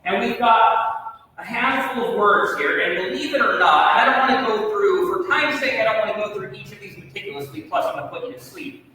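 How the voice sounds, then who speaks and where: A man gives a lively classroom lecture, explaining points with a self-joking manner. His voice sits high and clear. The recording captures him from a distance in a large hall with a long, echoing reverb. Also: fairly quick, slight background noise. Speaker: Bible class teacher. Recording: echoey hall from far off.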